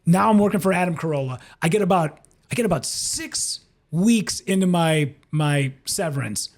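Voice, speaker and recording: High-voiced man telling animated stories. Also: moderate pace. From Minnesota. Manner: animated, acts out other people's lines in quoted voices. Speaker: comedian and former radio host, interview guest. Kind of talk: casual storytelling in a podcast interview.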